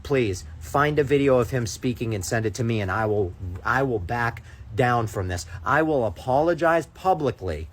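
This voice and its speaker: A man's voice: medium pitch, animated, moderate pace, few pauses. Guy ranting at his followers, sarcastic, fired up, regular mid voice. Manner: indignant, sarcastic, combative. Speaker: content creator. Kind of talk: ranting direct-to-camera monologue.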